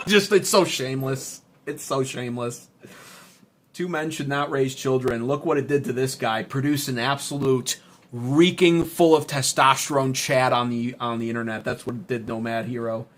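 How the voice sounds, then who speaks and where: A man's voice: mid-range voice, moderate pace, a bit bright. Guy ranting on a stream, sarcastic, swears a lot, reads chat. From United States. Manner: profane, sarcastic, heated. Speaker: political commentary streamer. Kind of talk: livestream commentary reading chat.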